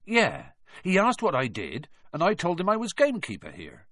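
A man's voice: sits high, wildly swooping pitch, normal speed, a bit bright, dry recording, pitched above the performer's own voice, full character voice. A man voicing a big, friendly gamekeeper in a storybook reading, chatty and casual.

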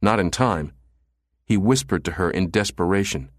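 A man narrating an audiobook in a steady, measured reading. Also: low voice, dry recording, clean studio sound. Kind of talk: scripted narration.

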